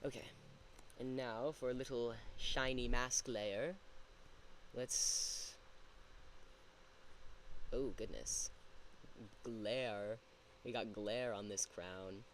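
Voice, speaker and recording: A man's voice: mid-range voice, fairly even intonation, drawn-out words, pauses often, slight background noise. A man chatting casually on a livestream while drawing, thinking aloud and laughing at himself. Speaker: streamer.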